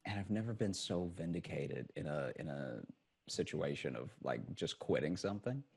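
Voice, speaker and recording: A man's voice: low voice, lively intonation, normal speed, creaky, darkish tone, breathy edge. A man telling a childhood story in casual chat, hesitant and rambling with many "like"s.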